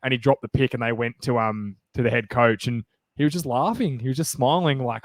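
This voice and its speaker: A male podcast co-host in casual sports chat, rambling and excitable, full of fillers and restarts. His voice sits mid-range and sounds dry and close to the mic. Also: medium pitch, fairly quick, dry recording.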